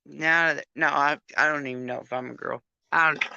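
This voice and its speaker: A tipsy woman hosting a live chat, rambling and sweet with a crude streak. Her voice is gravelly and bright, her pace slow and loose, and the sound is dry and close to the mic. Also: low voice, fairly even intonation, no echo, highs cut off. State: drunk.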